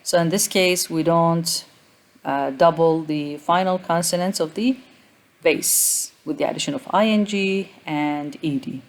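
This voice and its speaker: Low-voiced woman lecturing on grammar. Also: measured pace. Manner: methodical, repeats example words aloud, frequent uh fillers. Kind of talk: recorded lecture explaining spelling rules.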